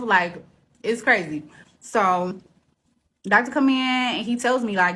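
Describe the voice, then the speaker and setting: A woman's voice: mid-range voice, unhurried, long pauses, fairly bright tone, a little hiss or hum. A woman vlogger telling her personal story in a casual, heartfelt way, then urging listeners to keep going like a preacher. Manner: earnest and encouraging, casual and heartfelt. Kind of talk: personal testimony vlog.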